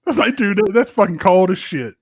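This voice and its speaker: A man co-hosting a podcast, chatting in loose, profane banter and acting out the people in his stories. His voice sits a little high for a man. The sound is dry and close, with no room around it. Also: lively intonation, a little fast, dry recording. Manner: loose storytelling full of profanity and acted-out quotes. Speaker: podcast co-host.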